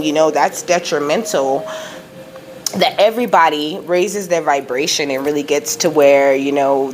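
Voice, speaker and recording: A woman hosting her own spiritual channel, talking casually and emotionally, filling every pause with "you know" and "okay?". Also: low voice, a little hiss or hum. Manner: rambling, says "you know" and "okay?" constantly, laughs often; emotional, close to tears at times. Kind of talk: casual spiritual vlog talk.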